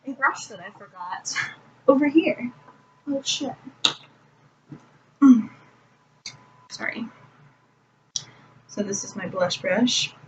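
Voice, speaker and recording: A young woman chatting through a makeup tutorial at home, ranting with casual swearing and lots of fillers. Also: medium pitch. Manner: irritated, profane ranting with many fillers. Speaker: makeup vlogger. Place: home room. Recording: distant, dull lo-fi home recording with faint hiss.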